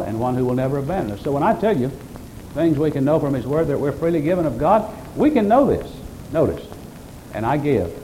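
Folksy preacher man, mellow voice. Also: medium pitch, slight background noise, rough recording. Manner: quotes scripture at length in old-fashioned phrasing; folksy, homespun asides. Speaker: pastor. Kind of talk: sermon. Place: church service.

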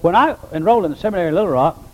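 A man's voice: sits high, lively intonation, rapid-fire, a little mellow, rough recording. An older man, a pastor, preaching a sermon in a plain-spoken, folksy way and rising to emphatic exclamations.

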